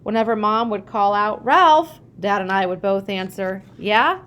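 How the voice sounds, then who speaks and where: A woman reading a childhood memoir aloud, lively when she acts out family dialogue. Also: medium pitch, moderate pace, clean tone. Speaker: reader.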